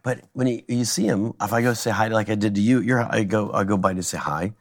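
A man who is a guest comedian, telling animated stories in a casual chat. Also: fairly low pitch, fast talker. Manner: animated storytelling.

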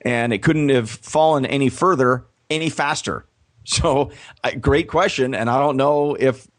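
Man podcast guest, mid-range voice, measured delivery. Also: medium pitch. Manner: measured, spells out his website slowly. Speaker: guest, press box announcer and career coach. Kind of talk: podcast interview.

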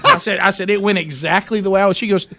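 A high-pitched man hosting a talk show rattles quickly through a long, funny story about his family, full of restarts. In this casual storytelling chat he animatedly acts out his wife's lines, and there's no room sound.

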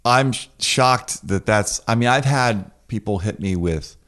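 A man with a low voice hosts a relaxed conversation. He breaks in with dry, teasing remarks and quick questions. His delivery stays casual throughout. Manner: wry, teasing interjections. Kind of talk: casual chat.

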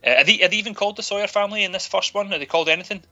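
Sweary, bright-voiced Scottish man ranting. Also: high voice, rapid-fire, muffled recording, faint music behind. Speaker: podcast co-host. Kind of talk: casual film-review chat.

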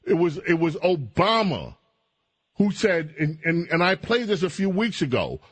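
A man hosting political talk radio, combative and quick to outrage, with a husky voice. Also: fairly high pitch. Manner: combative, lively, rising to outrage. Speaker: radio host.

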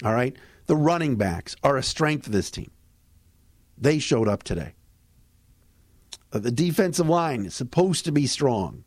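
A man hosting a sports podcast, giving a casual postgame recap in a lively, conversational way with fillers and restarts. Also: medium pitch, moderate pace, no room sound, clean studio sound. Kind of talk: casual postgame recap and host-read ads.

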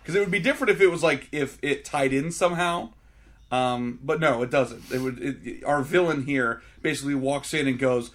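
A man's voice: mid-range voice, brisk, fairly bright tone. A man co-hosting a casual movie review chat, ranting sarcastically and acting out scenes. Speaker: podcast co-host.

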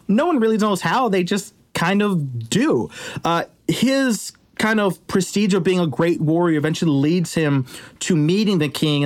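A man hosting a podcast, retelling an old legend in a chatty, joking way with slangy asides. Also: high-pitched. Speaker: podcast host. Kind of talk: casual storytelling.

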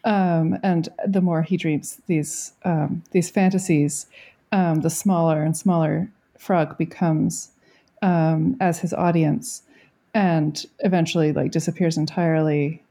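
A woman in a casual book chat, speaking thoughtfully and hesitantly with frequent fillers. Her voice is lowish, warm and mellow. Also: fairly even intonation, slow pace.

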